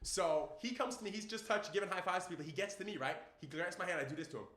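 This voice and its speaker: Bright, excitable man telling stories. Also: high voice, fast talker. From Brooklyn, New York. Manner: excitable, acts out the people in his stories, bursts into shouts. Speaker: podcast guest, children's entertainer. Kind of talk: animated storytelling in casual chat.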